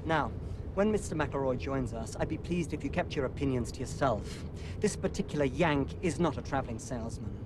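An actor playing a curt, impatient associate in a crime film, speaking in a car. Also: male voice, mid-range voice, expressive, a little fast, noisy background, close to an everyday voice. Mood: stern. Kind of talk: film dialogue.

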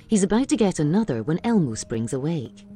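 A woman narrating audio description of a film in a steady, clear manner. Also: low-pitched, fairly quick, soft background music. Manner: steady, clear, scene-setting.

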